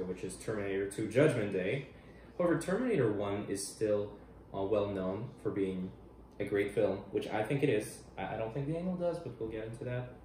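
A young man with a low, mellow voice co-hosts a casual film review, laid-back and swearing casually, often restarting his sentences. He sits well back from the mic in a very echoey room, with faint hiss behind him. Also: distant mic. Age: young adult. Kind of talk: casual chat.

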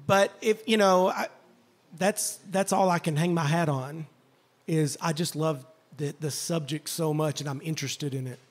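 Man, husky, high voice, teacher, earnest, self-deprecating, casual chat. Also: moderate pace. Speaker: teacher and podcast co-host. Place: coffee shop, live audience.

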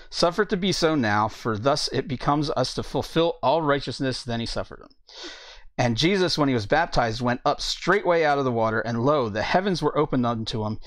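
A man's voice: medium pitch, no echo. Man teaching scripture in a dry room. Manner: reads scripture aloud and comments plainly. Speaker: preacher. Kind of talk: bible teaching talk.

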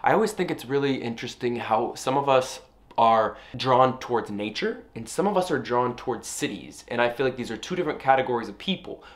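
A man's voice: medium pitch, lively intonation, fairly quick. A young man talking casually to camera as a travel vlogger, chatty and playful, often laughing.

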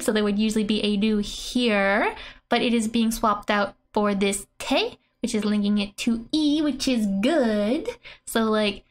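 A woman giving a casual language lesson through manga panels, chatty and playful, giggling often between explanations. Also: fairly high pitch. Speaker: online Japanese tutor.

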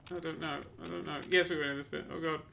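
A man casually commentating on his own gameplay, chatty and excitable, with sudden yelps and mock-boastful asides. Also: fairly high pitch, quick pace, gravelly. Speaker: let's play host.

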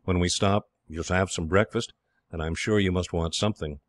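Low-voiced man doing a cheerful young Englishman, protective, kindly firm, dry recording. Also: steady tone, moderate pace, no room sound, lightly acted.

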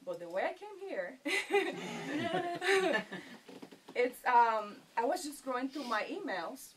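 A woman's voice: sits high, very animated, slow pace. A middle-aged woman with a Puerto Rican accent, giving a personal testimony to a retreat group in a storytelling way, often laughing. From Puerto Rico. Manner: storytelling, acting out her own quotes, laughs often. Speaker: retreat participant. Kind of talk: personal testimony in a sharing circle. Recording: distant mic, faint background noise.

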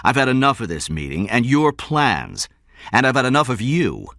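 A man's voice: medium pitch, wildly swooping pitch, normal speed, a bit bright, dry recording, pitched above the performer's own voice. A man voicing a blunt, proud male shoe executive who speaks curtly and dryly. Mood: firm. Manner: curt and dry.

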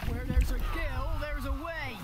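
Actor doing a cocky pirate shark fighter, slow drawl, loud noise all over the game audio. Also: high-pitched, fairly even intonation. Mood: boastful. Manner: boastful, pirate slang. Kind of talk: video game character dialogue.

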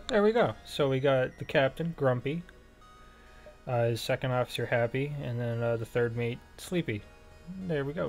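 A man talks his way through a game, thinking aloud and filling pauses as he goes. His voice sits at an ordinary middle pitch, and he slips in little self-deprecating jokes. Faint game music plays underneath. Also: a little mellow. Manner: thinks aloud, rambling with many fillers. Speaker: let's play gamer. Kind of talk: casual gameplay commentary.

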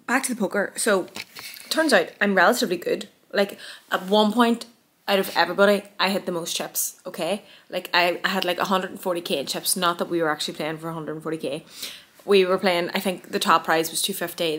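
Talking casually to her phone in her bedroom, a young vlogger rambles on and makes fun of herself. Her voice is on the low side and a bit bright.

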